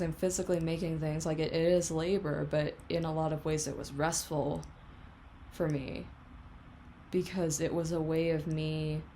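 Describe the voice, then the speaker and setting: Brief: young woman vlogger, lowish voice, candid and reflective, loose casual delivery, faint noise behind. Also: a little mellow. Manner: candid, reflective, filler-heavy. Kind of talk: casual confessional vlog.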